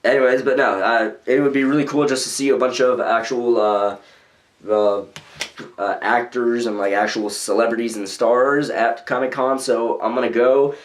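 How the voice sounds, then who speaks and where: A man's voice: medium pitch, fairly even intonation, moderate pace. A young man from the United States rambling casually in his own video blog, with loose phrasing and lots of fillers. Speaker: vlogger. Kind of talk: casual vlog commentary.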